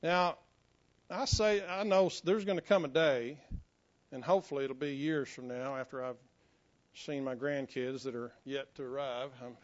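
A man's voice: mid-range voice, moderate pace. Pastor guy preaching, folksy, cracks jokes at himself, kinda muffled lo-fi sound. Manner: folksy, self-joking, drops to a hushed tone for stories. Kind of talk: sermon. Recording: muffled lo-fi sermon recording.

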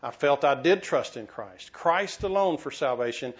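Pastor preaching, lo-fi sound. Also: male voice, on the high side, lively intonation, moderate pace. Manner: conversational, repeats and restarts, teasing asides. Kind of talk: sermon. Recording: dull lo-fi recording.

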